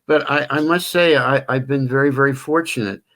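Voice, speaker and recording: Older guy talking slow n gentle, lots of pauses, announcer who stretches names out. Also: mid-range voice, fairly even intonation. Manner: drawn-out melodic announcer delivery when calling names; gentle, hesitant, many pauses. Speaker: stadium public address announcer. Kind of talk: phone-in interview chat.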